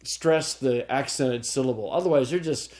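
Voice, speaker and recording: A man's voice: medium pitch, normal speed, darkish tone. A man teaching a recorded lesson, patient and repetitive, often checking in with the listener. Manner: patient, repeats key points and checks with "okay?". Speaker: Greek teacher. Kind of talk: recorded lecture.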